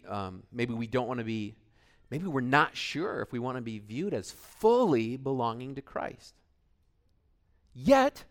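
A middle-aged man preaching a sermon, animated, swinging between shouted cheers and quiet asides. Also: medium pitch. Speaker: pastor.

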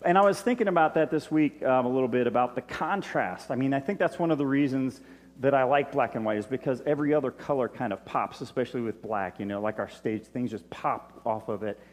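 Man, pastor, casual sermon, mid-pitched voice, long hall reverb. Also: a little fast. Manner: relaxed, conversational preaching with asides. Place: church stage.

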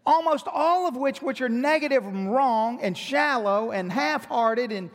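A high-pitched male pastor delivering an emphatic sermon, stacking repeated phrases to build his points. His voice carries a long reverb, as if filling a large church sanctuary. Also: animated, measured pace.

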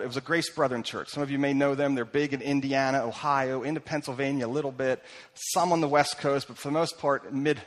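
A man preaching a sermon as pastor, animated, acting out the voices he quotes and swinging between loud bursts and hushed lines. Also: mid-range voice, long reverb tail.

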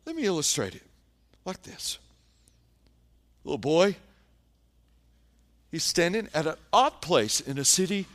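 A man preaching a sermon, telling stories and often dropping to a hushed tone for emphasis. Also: sits high. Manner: storytelling preacher, dramatic pauses, drops to hushed tones. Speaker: pastor.

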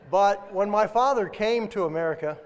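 An older man, a guest speaker, preaching a sermon and telling a family story in a folksy, animated way. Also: sits high, moderate pace, smooth. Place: large church sanctuary. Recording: long reverb of a large hall. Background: congregation.

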